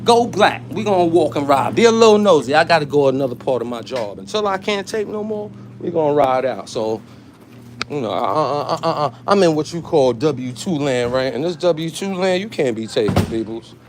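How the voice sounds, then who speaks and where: A man's voice: medium pitch, animated, normal speed, background noise. A man talking in streetwise slang while vlogging from his workplace on a handheld phone, jumping between topics. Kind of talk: casual vlog commentary. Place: his workplace, walking around.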